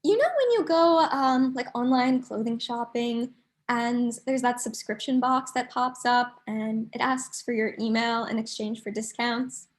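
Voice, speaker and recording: Performing an online stand-up set from New York, a woman with a fairly high pitch keeps things chatty and observational, tossing in quick asides.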